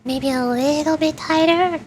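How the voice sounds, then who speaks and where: Bubbly high-pitched woman streamer. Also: unhurried, a little mellow, slight background noise. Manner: bubbly, giggly, rambling. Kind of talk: casual gaming chat.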